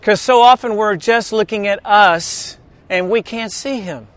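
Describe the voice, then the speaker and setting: A man's voice: high voice, a little slow, fairly bright tone, no room sound. A man preaching a sermon in a conversational, storytelling way, mixing humor into scripture reading. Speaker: pastor.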